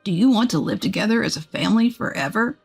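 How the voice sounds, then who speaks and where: A woman, a text-to-speech narrator, reading the lines of a kind, patient grandfather in a gentle, reassuring way. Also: medium pitch, expressive, fast talker, gravelly, breathy edge, soft background music.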